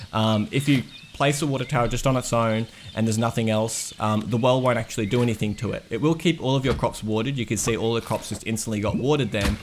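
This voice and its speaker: A man's voice: medium pitch, background noise. A game developer, a man, casually walking through his progress in a dev diary, rambling and enthusiastic with lots of fillers.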